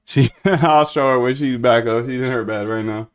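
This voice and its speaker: A man's voice: mid-range voice, normal speed, clean tone. A man streaming himself coding, chatting casually and thinking aloud as he works. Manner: thinks aloud while working, chatty and loose. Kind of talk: casual live-coding chat.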